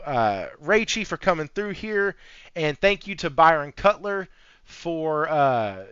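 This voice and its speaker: Hyped guy hosting a gaming podcast, swears a lot, crisp dry close sound. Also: a little high, fairly bright tone, dry recording. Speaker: podcast host. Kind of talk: casual gaming podcast chat. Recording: slightly muffled audio with faint background music.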